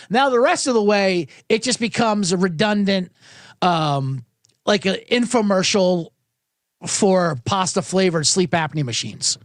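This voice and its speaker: Rambling, lively-voiced male podcast host. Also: high-pitched, moderate pace, no room sound, studio quality. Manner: rambling, profane, self-interrupting. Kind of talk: casual livestream chat.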